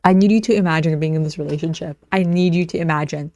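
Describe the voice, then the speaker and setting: A woman's voice: low voice, fast talker, few pauses, dry recording. Sarcastic woman reacting to texts. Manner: animated, sarcastic, reads texts aloud in mock voices. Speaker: reaction commentator. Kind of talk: reaction commentary reading text messages.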